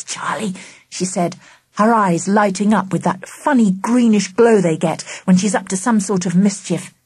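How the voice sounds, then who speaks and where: A woman narrating a children's book in first person, with expressive storytelling. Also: medium pitch, husky, dry recording. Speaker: audiobook narrator.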